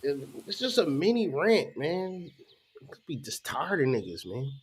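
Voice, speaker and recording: A man's voice: a little high, sing-song, measured pace, husky. A man hosting his own channel as a spiritual teacher, ranting casually in slang and swearing freely.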